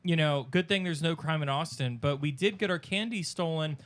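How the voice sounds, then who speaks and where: A man tells stories in an animated, excited way. His voice is bright and a bit raised in pitch. He acts out what other people said. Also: a little fast. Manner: animated, acts out quotes with laughter. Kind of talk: casual chat, storytelling.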